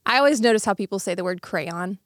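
A woman's voice: mid-range voice, animated, fast, no echo, clean studio sound. Playful woman podcast co-host from Alabama. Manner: playful, laughs easily. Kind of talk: casual chat.

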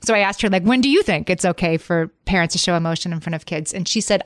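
A woman's voice: fairly low pitch, quick pace, few pauses, no echo, studio quality. A middle-aged woman co-hosting a parenting podcast, telling anecdotes in a casual way. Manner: storytelling, animated when retelling anecdotes. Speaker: podcast co-host.

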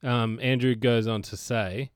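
A man co-hosting a podcast in casual chat, reading a listener's message aloud with quick asides. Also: medium pitch, fairly even intonation, clear, resonant tone, no room sound, clean studio sound. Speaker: podcast co-host.

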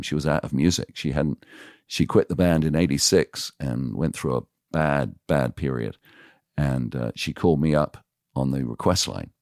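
A radio DJ appears as a podcast guest, frankly and confessionally telling stories and animatedly acting out the dialogue in them. His voice is extremely low and gravelly, recorded at studio quality with no echo.

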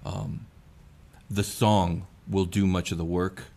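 A man doing a calm, gentle singer healer. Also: sits low, takes it slowly, creaky, heavily acted. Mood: reassuring.

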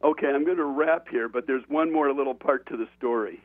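A man, an author on an interview show, tells an animated story, laughing often and restarting his sentences. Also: mid-range voice, fairly quick, no echo. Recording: tinny phone-line sound.

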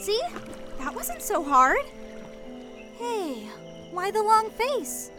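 A woman playing a bubbly young swan maiden, high and bouncy. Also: sing-song, extremely slow, exaggerated voice. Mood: cheerful. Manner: gushing, cheerful, uses teen slang like "totally". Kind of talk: fantasy audio drama. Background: music.

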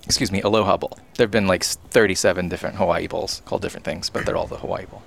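A man's voice: deep voice, steady tone, very fast, vocal fry, a little hiss or hum. A man co-hosting a casual chat who looks up facts and poses mock interview questions. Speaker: co-host.

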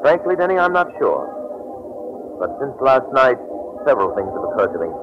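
Actor as a brisk, authoritative detective captain, 1940s radio drama, lo-fi with a hissing background. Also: male voice, medium pitch, sing-song, close to an everyday voice. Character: commanding male detective captain, middle-aged. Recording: dull, hissy old radio recording.

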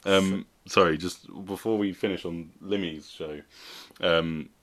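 A man's voice: sits low, steady tone, measured pace, fairly bright tone. A man, chatting casually and laughing often as a podcast co-host. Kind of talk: casual chat.

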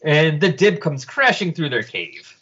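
A man's voice: fairly high pitch, unhurried, dull audio, slight background noise. A man casually retelling an episode as a podcast host, acting out the voices as he goes. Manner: animated storyteller who acts out voices.

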